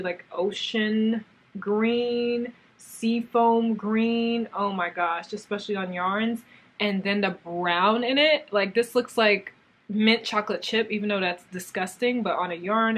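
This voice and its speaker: A young woman casually chatting in a crafts vlog, gushing and excitable as she shows off yarn and talks to it and her viewers. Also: mid-range voice. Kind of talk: casual haul vlog chat.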